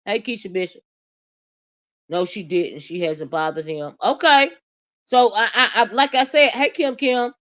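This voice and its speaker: A woman's voice: medium pitch, a little slow, a bit bright, highs cut off. A woman hosting a livestream, giving casual commentary in a sassy, blunt way, drawling with asides to her chat and speaking.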